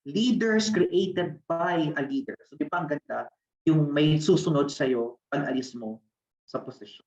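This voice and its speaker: A presenter with a Filipino accent giving an academic webinar lecture, explaining ideas step by step and asking rhetorical questions. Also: medium pitch. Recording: distant, roomy, dull lo-fi webinar audio.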